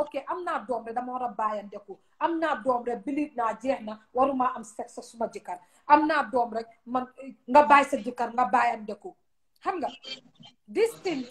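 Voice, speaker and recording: A woman's voice: sits high, low-quality recording. A woman with a Gambian accent giving blunt, emphatic relationship advice in casual chat, slipping into local-language phrases. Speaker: advice giver.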